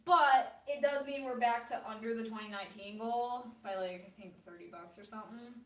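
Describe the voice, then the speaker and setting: A woman hosting a livestream, chatting casually and laughing often, with a self-deprecating manner and some vocal fry. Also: fairly high pitch, brisk, reverberant, recorded from a distance. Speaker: livestream host. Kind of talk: casual chat.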